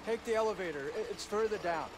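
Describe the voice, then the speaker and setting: A man's voice: sits high, fast talker, crowd noise, natural voice. An actor playing an agreeable male worker in a video game.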